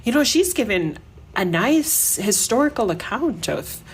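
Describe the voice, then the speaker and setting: A woman from Jamaica, a podcast guest, telling animated stories with laughter and acted-out voices. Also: fairly high pitch, measured pace, breathy edge. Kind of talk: casual storytelling.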